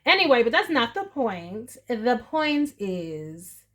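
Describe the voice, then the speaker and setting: A woman's voice: a little high, big pitch swings, slow, a bit bright. A woman giving a tarot reading in a casual, earnest and emotional way, talking straight to the viewer. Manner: emotional, earnest, chatty with laughs and asides. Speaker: tarot reader.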